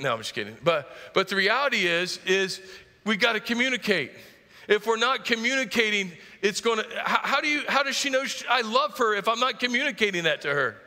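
A middle-aged man preaches from the pulpit in a fairly high, very bright voice. He presses each point with rising emphasis and drops into playful asides. His voice rings with a long reverb through the church hall. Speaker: pastor. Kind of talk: sermon. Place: church sanctuary.

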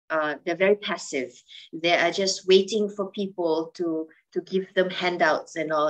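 Expressive woman panelist with lively emphasis. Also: rough recording. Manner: expressive, swings pitch and loudness for emphasis. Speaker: webinar panelist, alumna. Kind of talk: online panel discussion.

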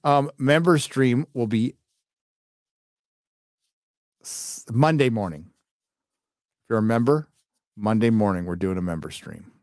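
A man's voice: fairly low pitch, takes it slowly, long pauses, a little mellow, dry recording, studio quality. A tired man hosting a late-night live stream, reading out donation messages in a sarcastic, mocking way and laughing as he goes.

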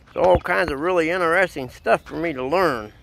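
A man's voice: a little high, brisk, gravelly, a bit bright, a little hiss or hum, rough recording. A man voicing his small male puppy's thoughts, cheerful and eager about exploring.

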